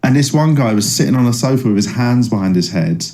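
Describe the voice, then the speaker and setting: Crowd noise surrounds a thirty-something comedian whose mid-range voice is expressive and quick. He's a guest in a casual interview, rambling through stories with plenty of fillers and restarts.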